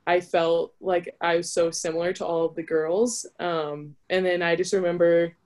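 A woman's voice: lowish voice, steady tone, normal speed, a little mellow. A young adult woman, an interview guest and college volleyball player, telling her story in a chatty, casual way that is full of "like". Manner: chatty, with frequent filler "like".

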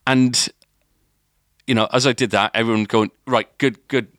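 This clean studio recording has no echo and features a male podcast co-host with a medium-pitched, slightly bright voice. Speaking at normal speed with fairly even intonation, he drifts through a long casual story, full of filler and frequent restarts.

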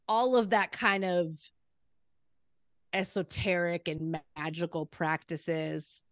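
Woman, podcast guest, unhurried pace, eager, laughs a lot, dry sound. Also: lowish voice, steady tone, no echo. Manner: enthusiastic, laughs often. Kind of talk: casual movie podcast chat.

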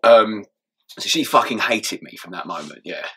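A man's voice: fairly low pitch, expressive, normal speed, sharp tone, breathy edge. A young man telling his story in a casual interview, swearing and laughing as he goes. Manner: swears often and laughs through his story, mumbling asides. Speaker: interview guest.

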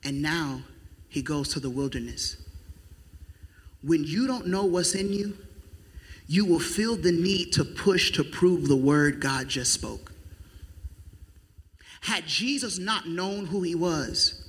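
High, bright-voiced male preacher in a big echoing hall. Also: expressive, takes it slowly, pauses often. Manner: emphatic, rising to shouts, calls on the congregation. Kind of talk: sermon. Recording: echoey hall.

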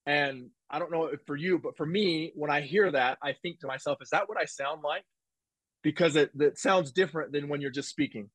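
A man telling a personal story in a casual interview, animated and rambling, with restarts and quoted dialogue. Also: a little high, brisk, few pauses, no echo, poor audio. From United States. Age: 20s. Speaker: guest, former football player. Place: home office.

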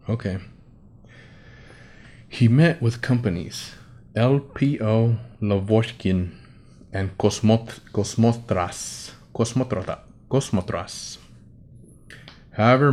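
A man's voice: on the low side, darkish tone, a little hiss or hum. A man hosting a casual commentary show, reading an article aloud, tripping over names, swearing and laughing at his own asides. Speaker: host.

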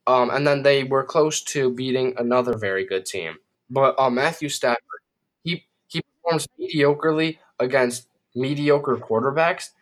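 A man co-hosting a casual football preview, loose and easily surprised, laughing often. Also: mid-range voice. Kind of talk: casual sports chat.

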